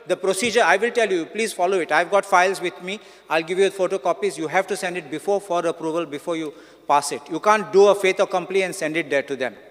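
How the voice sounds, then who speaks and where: A man, speaking as a legislator and advocate, lays out legal objections point by point, citing acts and articles. His voice sits a little high. A long reverb from the assembly chamber trails his words. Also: fast talker, a bit bright. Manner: legalistic, cites statutes and dates.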